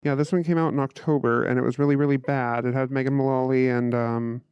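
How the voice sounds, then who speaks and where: A man's voice: mid-range voice, flat delivery, fast talker, clear, resonant tone, no room sound, lo-fi sound. A man co-hosting a live podcast panel, talking in a loose, rambling, hesitant way. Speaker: podcast co-host.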